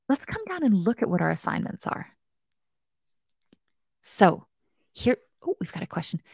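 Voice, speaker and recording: A medium-pitched woman with vocal fry and a darkish tone hosts a relaxed web development live stream for a bootcamp. Playful, chatty and self-mocking, she speaks directly to the chat, and the studio-quality recording has no echo.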